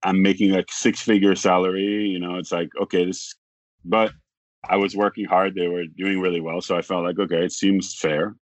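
A man talking as a podcast guest, telling a long story in a rambling way, acting out the other people's lines and filling pauses with "like". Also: low voice, little pitch movement. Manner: rambling, acts out quoted dialogue, frequent "like". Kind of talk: casual storytelling.

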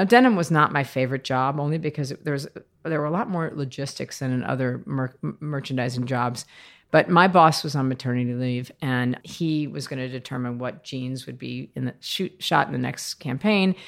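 An American woman, a podcast guest, telling workplace stories in a lively conversational way, often laughing as she talks. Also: low-pitched. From United States. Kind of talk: conversational storytelling interview.

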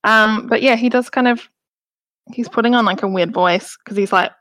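A woman's voice: fairly high pitch, normal speed, fairly bright tone, dry recording. A woman casually recapping a film on a podcast, rambling with lots of fillers. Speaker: podcast co-host.

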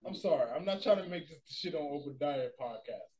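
Excitable high-voiced young man. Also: a little fast. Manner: excitable, slangy, loud bursts of hype. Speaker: podcast host. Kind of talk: casual movie review chat.

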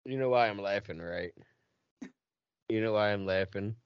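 A man's voice: on the low side, moderate pace, smooth, dry recording. A man hosting a casual conversation, chatty and swearing, laughing easily. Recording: dry, dull lo-fi sound.

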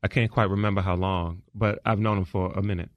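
A man's voice: deep voice, fairly even intonation, a little fast, no echo, muffled recording. A man testifying as a witness under cross-examination, giving short, deferential answers. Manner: terse, deferential "yes, ma'am" answers. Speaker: trial witness. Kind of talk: courtroom testimony.

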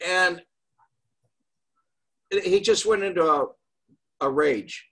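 An older man with a husky, fairly high voice tells a story to his host in a loose, rambling way. He pauses often and fills the gaps with fillers. The telling is casual and unhurried. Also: fairly bright tone. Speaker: guest.

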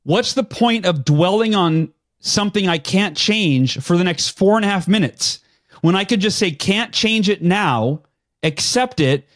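A man with a high, light voice tells a story from his own past as a guest on a podcast. He talks with energy and acts out the things he said to himself, jumping between a calm telling and sudden animated bursts. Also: a little slow.

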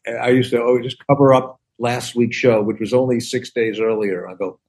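This sixty-something comedian and actor keeps things chatty, voicing the dialogue of his anecdotes with animated flair. His mid-range voice moves at a moderate pace.

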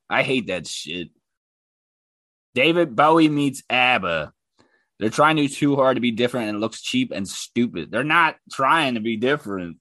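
A man's voice: mid-range voice, expressive, normal speed, bright, forceful tone, dry recording. A man hosting his own podcast and ranting about online comments, heated, profane and mocking. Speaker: podcast host.

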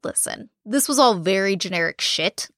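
A woman's voice: medium pitch, animated, normal speed, fairly bright tone, no echo, studio quality. Blunt, sweary woman podcaster. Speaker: podcast co-host. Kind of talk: casual true-crime chat.

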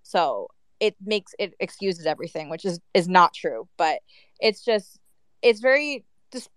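In a casual audio chat room, a guest speaker argues heatedly, her speech full of "like" and "um." Her lowish voice has big pitch swings and a clear, resonant tone at a measured pace, recorded with no echo.

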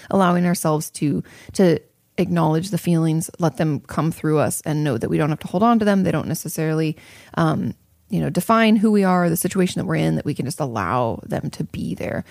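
A woman's voice: on the low side, gravelly, darkish tone, no echo, clean studio sound. A woman therapist talking casually to her audience, reassuring and chatty, with many fillers and restarts. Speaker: therapist answering audience questions. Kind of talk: casual advice talk.

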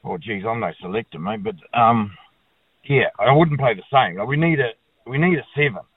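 A man's voice: medium pitch, animated, moderate pace, husky, dry recording. A man with a New Zealand accent calling in to a talkback radio show, blunt, blokey and opinionated, swearing casually. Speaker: caller. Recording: tinny phone line.

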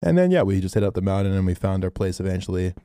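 Man, podcast co-host, low mellow voice, casual sweary storyteller. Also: very fast, clear, resonant tone, no echo, studio quality. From Australia. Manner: animated storyteller, swears freely, acts out quotes.

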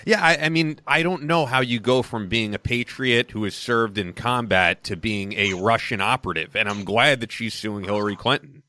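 Male co-host, lower pitch, bright forceful tone, dry close recording. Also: normal speed, hardly any pauses, no echo. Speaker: podcast co-host. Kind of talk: casual podcast conversation.

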